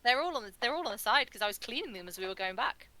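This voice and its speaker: A woman's voice: fairly high pitch, expressive, racing, crowd noise. A woman playing a tabletop game, describing her character's actions. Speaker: player.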